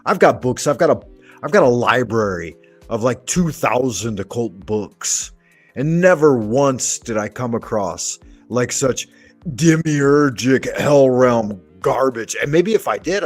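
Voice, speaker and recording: A man with a husky, slightly breathy voice delivers profane, sarcastic reaction commentary. He talks in emphatic bursts with faint music underneath. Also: mid-range voice. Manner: emphatic, sweary, sarcastic ranting. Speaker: commentary video host.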